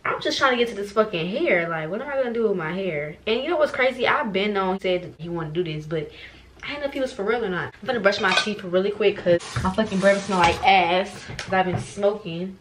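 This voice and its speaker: A woman's voice: mid-range voice, lively intonation, quick pace, a little hiss or hum. A young woman, vlogging casually and profanely to viewers while getting ready at home, self-mocking and frank. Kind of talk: get-ready-with-me vlog.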